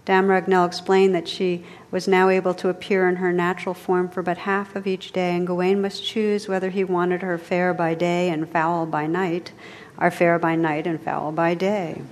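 Lower-voiced woman reading a tale aloud. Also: level tone, normal speed, in a large hall. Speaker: storyteller. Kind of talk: read-aloud storybook narration.

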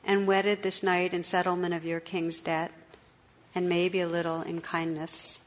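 A woman's voice: on the low side, level tone, measured pace, slight background noise, natural voice. A woman reading aloud, voicing an enchanted medieval noblewoman who speaks in a pleading, sorrowful way. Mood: gentle. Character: enchanted noblewoman, tearful and earnest, medieval bride. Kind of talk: storybook read-aloud.

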